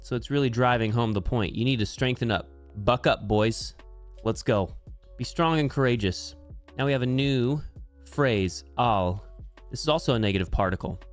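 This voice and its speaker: A man teaching Bible translation, walking through Hebrew grammar term by term in a deliberate, explanatory way. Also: medium pitch, faint music behind. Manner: slow, deliberate, spells out each term.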